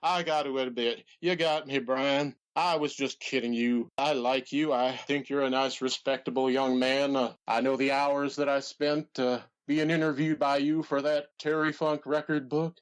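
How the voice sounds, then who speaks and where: Man doing announcer impression, drawling, halting delivery, colorful insults, comedy podcast. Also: mid-range voice, level tone, clean tone, natural voice. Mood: folksy. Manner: hesitant, drawn-out, colorful put-downs. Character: folksy Southern wrestling announcer, blustery, easily riled.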